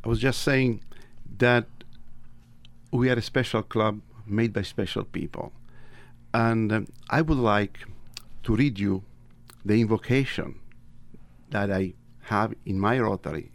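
A man with a Tuscan Italian accent, a native Italian speaker, telling stories as an interview guest with animated delivery and wide swings in pitch. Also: a little slow, pauses often, no room sound. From Italy. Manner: animated, big pitch swings, acts out dialogue. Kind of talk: interview storytelling.

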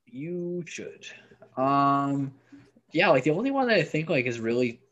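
A man's voice: medium pitch, expressive, a little slow, fairly bright tone, lo-fi sound. Wry man co-hosting a sports podcast. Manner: wry, offhand, lots of "like" and "um". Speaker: podcast co-host. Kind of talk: casual sports podcast chat.

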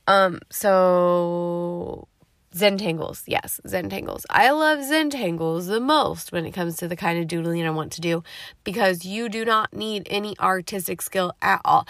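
A woman hosting a solo podcast, chatty and upbeat with playful slang, tired and yawning, talking from a dark home garage. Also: fairly low pitch, no echo, studio quality. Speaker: podcast host. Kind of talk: casual solo podcast talk.

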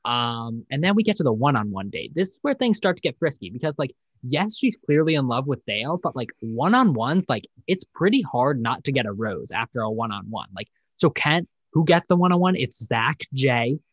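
A young man rambles through a dating-show recap with plenty of swearing and mocking voices. His pitch sits mid-range. The sound is dry and close, with no room echo. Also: very animated, moderate pace, few pauses, slightly rough, muffled recording. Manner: rambling, profane, acts out quotes in mocking voices. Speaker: podcast host.

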